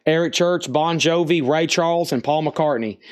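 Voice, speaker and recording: A man hosting a live-streamed vinyl record sale, briskly rattling off album titles, starting bids and who bought what. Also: fairly high pitch. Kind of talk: live-stream auction patter.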